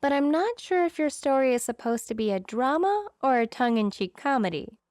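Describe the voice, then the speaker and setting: A woman's voice: sits high, very animated, fairly quick, a little mellow, no echo, studio quality, voice pushed up. A woman voicing a doting older aunt who speaks in a soothing, affectionate way in a storybook reading. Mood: tactful.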